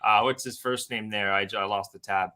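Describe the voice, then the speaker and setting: A man with a Canadian accent, a guest on a sports betting show, talking in an excited, rambling way with many fillers. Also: fairly low pitch, fairly quick, clean tone.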